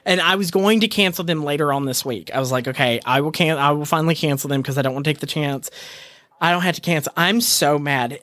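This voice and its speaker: A man's voice: a little high, quick pace, fairly bright tone, dry recording. Guy on a podcast going off about something, dramatic and fed up, laughing through it, dry close sound. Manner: exasperated, dramatic, rants with laughter. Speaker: podcast co-host. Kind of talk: casual podcast chat.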